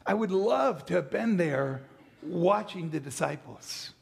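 A man's voice: high-pitched, lively intonation, unhurried, gravelly, breathy edge. A man preaching a sermon, reading scripture and then retelling the story with playful acted-out asides. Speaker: pastor.

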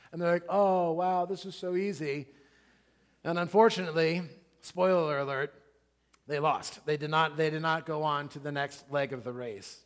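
Middle-aged male pastor, slightly high voice, animated conversational sermon storytelling.

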